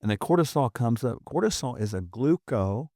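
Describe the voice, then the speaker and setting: Middle-aged male doctor guest, gravelly and persuasive, mid-pitched, close dry mic. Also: lively intonation, fast talker, warm tone, dry recording. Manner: emphatic, earnest, persuasive. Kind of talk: conversational explaining.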